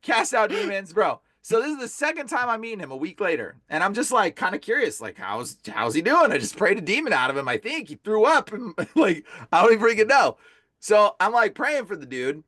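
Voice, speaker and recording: Male guest, high bright voice, storytelling casually, peppers speech with "bro". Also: fairly quick, dry recording, studio quality. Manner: animated, fillers like "like" and "bro". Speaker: guest, deliverance minister.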